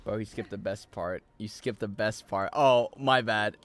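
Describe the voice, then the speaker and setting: A man's voice: on the low side, moderate pace, fairly bright tone. A male streamer rambling and joking casually with his chat while he plays. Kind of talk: casual game-stream chatter.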